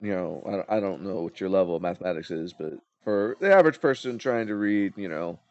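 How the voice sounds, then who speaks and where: A man's voice: low voice, lively intonation, brisk, a little mellow, dry recording, dull audio. Laid-back man running a tabletop game. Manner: loose, hesitant explaining with fillers and restarts. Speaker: game master.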